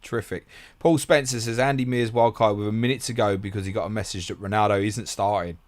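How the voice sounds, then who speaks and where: A low-pitched man chats on a live stream, reading viewer comments aloud and firing back blunt, laughing answers. He swears freely and talks in a loose, unscripted way. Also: fairly even intonation, fast. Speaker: host of a fantasy football stream.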